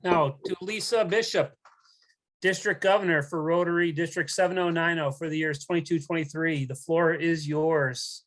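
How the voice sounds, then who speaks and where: A relaxed man hosts a ceremony over a video call, pausing with fillers. His voice sits a little high for a man. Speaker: ceremony host. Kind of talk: ceremony hosting.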